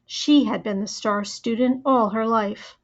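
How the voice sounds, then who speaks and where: A woman's voice: a little high, a little slow. Woman narrating a first-person audiobook. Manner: plain, steady storytelling. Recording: dull lo-fi audio.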